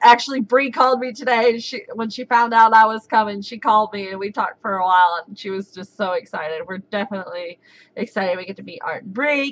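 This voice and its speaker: A woman in her thirties chats on a home livestream in a high, bright voice. She is giddy, giggly and excitable, talking to viewers the whole way through. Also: low-quality recording. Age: 30s. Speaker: livestream host. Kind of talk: casual live chat.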